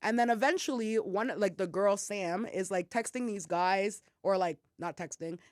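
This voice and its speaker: A woman's voice: mid-range voice, normal speed, darkish tone, no room sound, studio quality. A young woman from Ottawa co-hosting a podcast, telling a story casually, swearing freely and acting out quotes. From Ottawa, Canada. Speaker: podcast co-host.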